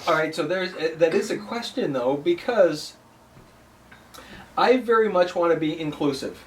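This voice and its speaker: A man co-hosting a casual business chat, talking in an earnest, halting way with many restarts. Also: a little high, animated, recorded from a distance, a little hiss or hum. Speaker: pool business co-host.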